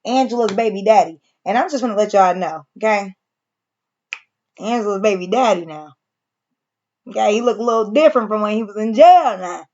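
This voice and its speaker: A woman's voice: mid-range voice, brisk, pauses often, a little mellow, muffled recording, a little hiss or hum. A woman casually recapping and reacting to a TV episode, chatty and slangy, talking straight to her viewers. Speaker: show reviewer.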